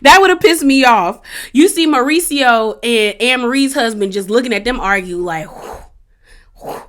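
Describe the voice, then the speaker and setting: Bright-voiced chatty woman recapping TV. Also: on the high side, normal speed. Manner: chatty, animated, laughs often; casual slangy speech. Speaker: reality TV recap vlogger. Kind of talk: casual commentary.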